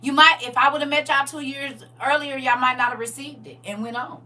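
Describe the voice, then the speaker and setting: A woman's voice: sits high, fairly quick, few pauses, sharp tone, far from the mic. A woman hosting a casual faith livestream, laughing and talking straight to her viewers while she reads their comments.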